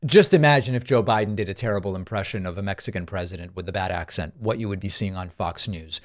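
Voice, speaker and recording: A man's voice: deep voice, fast. A man hosting a political commentary show, reacting to clips in a dry, sarcastic way on a studio microphone.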